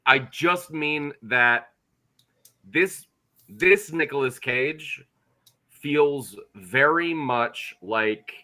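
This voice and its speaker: A man guesting on a podcast, talking excitably about a movie, swearing and stumbling over his words. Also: mid-range voice, very slow. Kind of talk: casual chat about a movie.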